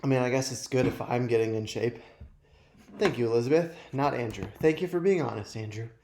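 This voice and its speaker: A man's voice: mid-range voice, brisk, a little mellow. A man hosting a live youth ministry show, chatting casually and self-deprecatingly straight to viewers. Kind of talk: casual live-stream chat. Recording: roomy echo.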